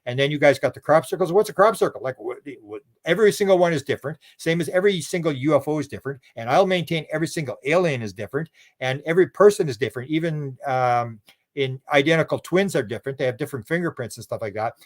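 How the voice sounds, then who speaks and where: A man's voice: on the high side, expressive, fast talker. A man talking as a radio show guest in a loose, rambling way, often repeating words and restarting sentences. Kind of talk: casual radio interview talk.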